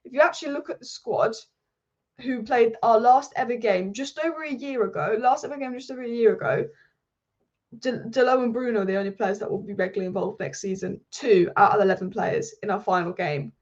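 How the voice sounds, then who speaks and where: A woman hosting a football channel, talking through transfer news in a passionate, rapid-fire way. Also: fairly high pitch, darkish tone. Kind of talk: casual football commentary monologue. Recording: slightly dull lo-fi audio.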